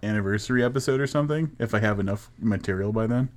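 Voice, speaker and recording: A man's voice: lowish voice, quick pace, slight background noise. A man co-hosting a podcast, talking casually and swearing now and then. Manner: casual, profane, chatty. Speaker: podcast co-host.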